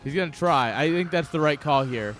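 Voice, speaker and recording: A young man casting a live strategy game match, excitable and joking, breaking into loud yells. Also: on the high side, fairly quick, soft background music. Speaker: esports caster. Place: home streaming setup.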